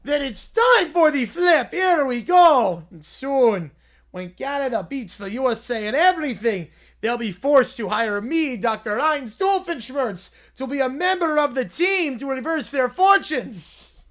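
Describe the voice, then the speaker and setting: A man's voice: extremely high pitch, animated, a little slow, fairly bright tone, exaggerated voice. A man voicing a bumbling, theatrical middle-aged evil scientist who rambles and stammers. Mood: scheming.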